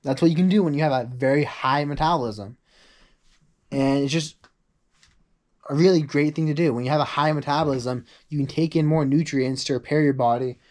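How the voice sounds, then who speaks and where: Chatty young man vlogging, slightly high voice. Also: brisk, darkish tone. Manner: chatty, rambling, full of "like" asides; acts out quoted people in a higher voice. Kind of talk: casual vlog monologue.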